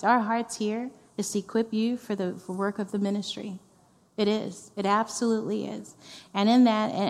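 A woman's voice: medium pitch, a little mellow. A woman executive pastor giving a heartfelt, conversational sermon, repeating phrases for emphasis. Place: church sanctuary. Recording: reverberant church hall.

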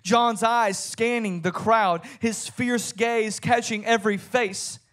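A man preaching a sermon, reading scripture and telling the story dramatically, swinging from soft storytelling to shouted high points. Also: steady tone, slow pace. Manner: reads scripture aloud in King James wording.

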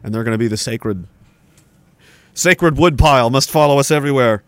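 A man's voice: mid-range voice, moderate pace, dry recording. A man hosting a livestream, ranting sarcastically and swearing, with laughs between remarks. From Canada. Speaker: livestream host. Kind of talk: casual ranting commentary. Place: indoor room by a woodpile.

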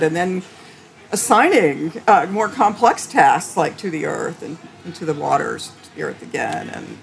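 A woman theologian answering interview questions in a thoughtful, halting way, with frequent restarts and light laughter. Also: fairly low pitch, slight background noise. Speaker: theologian guest.

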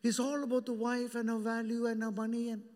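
A male pastor preaching a sermon, animated and joking with the congregation by name. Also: very high-pitched, fairly quick, long reverb tail. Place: church hall.

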